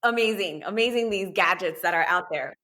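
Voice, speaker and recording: A woman speaking as a podcast guest, telling her story in a candid, animated way. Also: on the low side, brisk. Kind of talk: casual interview chat.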